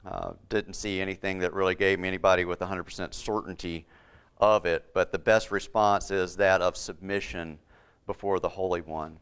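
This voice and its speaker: A man's voice: low voice, steady tone, normal speed, fairly bright tone, smooth. A man preaching a Bible-teaching sermon, repeating key words for emphasis and putting questions to his listeners.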